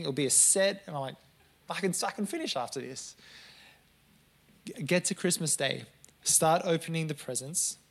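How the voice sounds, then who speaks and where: A man in his late twenties preaching a sermon to a congregation, telling stories with lively, self-mocking asides. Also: fairly high pitch. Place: church service before a congregation.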